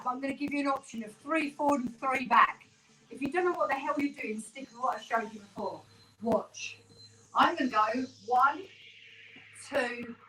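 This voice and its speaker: A woman runs a home workout, upbeat and encouraging as she counts reps, a little out of breath. Her voice sits high and bright. It is picked up from across a small, echoey room with faint music behind her. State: slightly out of breath. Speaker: fitness instructor. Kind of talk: live home workout coaching. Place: small room in a terraced house. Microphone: no microphone, camera mic from across the room. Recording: roomy, distant, with workout music.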